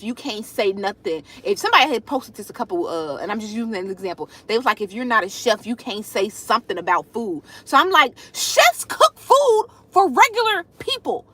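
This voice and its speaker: Woman, young, food creator, casual livestream chat, high voice, bright. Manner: animated, talks straight to viewers, reads out comments.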